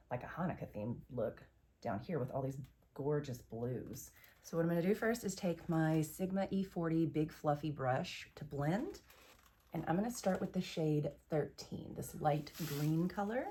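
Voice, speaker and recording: A woman's voice: low-pitched, dark tone. A woman hosting a makeup tutorial, chatty and enthusiastic, explaining each step as she goes. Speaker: beauty vlogger.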